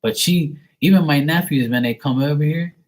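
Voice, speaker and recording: A man's voice: fairly high pitch, moderate pace, a little mellow, rough recording. A man hosting a live tarot stream, chatting casually in a loose, profane way and filling his talk with "like". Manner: loose and profane, heavy on fillers like "like". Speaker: tarot reader hosting a livestream. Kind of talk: casual livestream chat.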